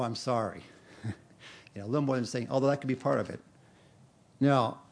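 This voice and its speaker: A middle-aged man, a pastor, preaching in a conversational, self-deprecating way and laughing at his own stories. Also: mid-range voice. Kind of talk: sermon with personal story.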